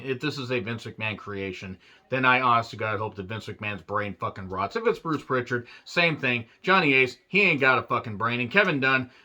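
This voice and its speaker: A man's voice: medium pitch, bright, forceful tone. A man reviewing a wrestling show in a profane, sarcastic rant. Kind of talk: ranting review vlog.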